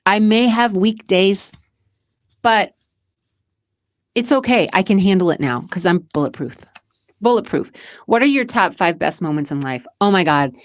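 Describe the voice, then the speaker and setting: A woman's voice: medium pitch, animated, normal speed, no room sound, studio quality. Chatty, emotional woman from Massachusetts. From Massachusetts, USA. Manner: chatty and emotional, laughs often, restarts a lot. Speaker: show host and community founder. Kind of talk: casual vlog answering questions.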